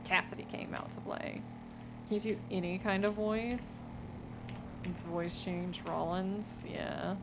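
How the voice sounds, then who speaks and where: A woman's voice: mid-range voice, fairly even intonation, slow pace, noisy background. A young woman from the American South chatting casually on a stream, rambling with lots of fillers and restarts.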